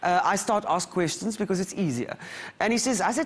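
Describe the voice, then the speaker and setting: Brief: interview guest from South Africa, lively pitch, tells stories and acts out quotes. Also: female voice, fairly quick, husky. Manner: animated, acts out quoted voices. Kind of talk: reflective conversational storytelling.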